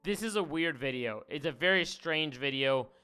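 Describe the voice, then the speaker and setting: A man's voice: fairly high pitch, lively intonation, normal speed, sharp tone, clear, resonant tone, faint music behind. A man doing casual live-stream commentary as he reacts to videos, blunt and incredulous, rambling with fillers.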